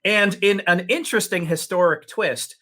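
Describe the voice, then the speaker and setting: A man narrating a tabletop game as game master, telling the story in an unhurried way with many fillers. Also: high voice, bright, forceful tone.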